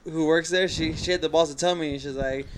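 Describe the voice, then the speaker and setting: A man's voice: a little high, fairly even intonation, brisk, crowd noise, rough recording. A young man in casual chat, blunt and a bit defensive, swearing casually.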